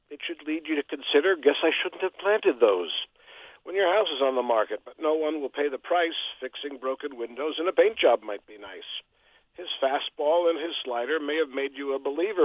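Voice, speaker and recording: A man reading his rhymed poem on a radio show in a measured sing-song way. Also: fairly high pitch, no room sound. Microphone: phone line. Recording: tinny phone line.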